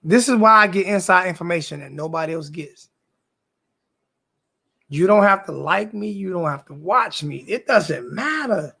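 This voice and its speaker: A man's voice: high-pitched, lively intonation, normal speed, gravelly, bright, forceful tone, husky. A man who is a sports YouTuber, ranting back at his live chat. He is confrontational, repeats himself, and swears in heavy slang. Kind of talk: live-stream rant to chat.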